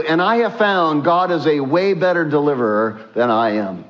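A man's voice: a little high, normal speed, few pauses, dull audio. A male pastor preaching a sermon with energy and many exclamations, asking the congregation to read verses aloud. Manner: energetic, exclamatory, frequent uh fillers; asks congregation to read along.

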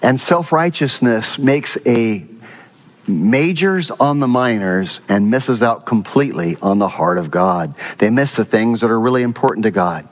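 A male pastor delivers a lively sermon in a church sanctuary, throwing questions to the congregation as he goes. His voice sits at an ordinary pitch, and the recording sounds slightly dull. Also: a little slow. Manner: animated, quizzes the congregation.

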